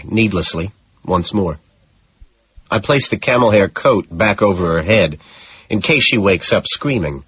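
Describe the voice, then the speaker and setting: A man reading an audiobook in scripted narration, slow and matter-of-fact. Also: lowish voice, fairly bright tone, husky, no echo, dull audio.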